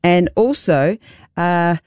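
A woman's voice: lowish voice, slow, a little mellow, clean tone, no room sound, clean studio sound. A woman radio host, presenting and interviewing in a friendly, conversational way. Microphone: studio mic.

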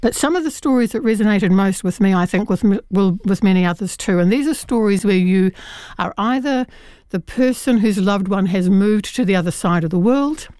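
A woman's voice: medium pitch, expressive, normal speed, dark tone, no room sound, clean studio sound. A woman reviewing a short story collection in an earnest, chatty way, with many fillers and restarts. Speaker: book reviewer. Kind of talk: radio book review chat.

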